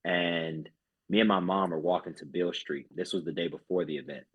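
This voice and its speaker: A man's voice: sits low, steady tone, a little fast, breathy edge. A man who is a group fitness instructor, talking earnestly as a podcast guest and often restarting his sentences. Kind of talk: casual podcast chat.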